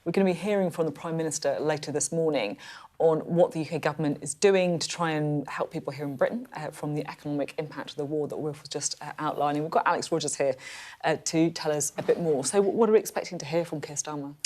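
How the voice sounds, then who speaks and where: A woman's voice: low voice, fast talker, a little mellow. A woman presenting breakfast television news in a studio, conversational with frequent fillers.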